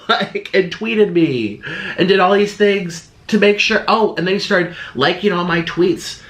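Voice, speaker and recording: A man vlogging a casual rant to camera, animated and sarcastic, often mocking others in put-on voices. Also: sits high, unhurried. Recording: echoey room.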